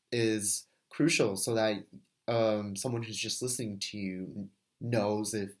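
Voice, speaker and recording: A man in his twenties, a first grade teacher, talking through a class reflection in a casual, thinking-aloud way with fillers and restarts. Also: on the low side. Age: 20s. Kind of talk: recorded class discussion reflection.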